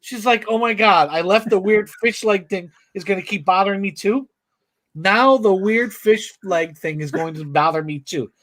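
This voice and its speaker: High-voiced man animatedly retelling a story. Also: normal speed. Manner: animated retelling, acts out the quoted lines. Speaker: comic book show co-host. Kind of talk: casual live-stream chat.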